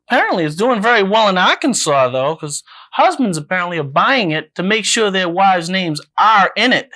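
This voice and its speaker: A man hosting a mock book review segment, delivering satire in a dry, deadpan way. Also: sits high.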